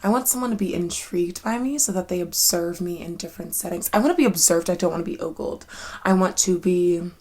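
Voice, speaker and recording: A woman's voice: on the low side, fast talker, darkish tone. Rambling, candid young woman talking to herself. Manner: rambling and candid, swearing often, with frequent "like" fillers and sudden laughs; drops to a near-whisper when reflective. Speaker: vlogger. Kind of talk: casual solo monologue.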